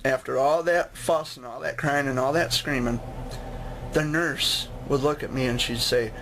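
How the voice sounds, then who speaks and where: A man's voice: mid-range voice, steady tone, moderate pace, a bit bright, slight background noise. A man telling a personal story in a casual, rambling way, often restarting his sentences. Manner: rambling, with frequent restarts and asides. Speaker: vlogger sharing a memory.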